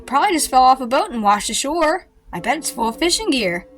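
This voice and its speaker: A woman's voice: high-pitched, big pitch swings, a little fast. A woman voicing a boastful brother. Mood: bragging. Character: bragging boy, older brother type.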